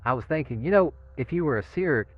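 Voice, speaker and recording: A man's voice: fairly high pitch, animated, fairly quick, dry recording. A man who is a death row inmate talks in a recorded interview, telling stories in a rambling way with laughs and frequent "you know what I'm saying.". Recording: muffled lo-fi phone-like line.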